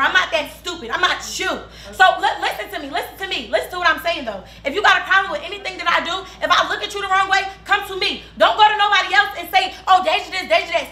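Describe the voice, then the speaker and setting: High, bright, fast-talking confrontational woman. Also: reverberant. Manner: profane, confrontational, half-laughing. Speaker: reality show cast member. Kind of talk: heated confrontation.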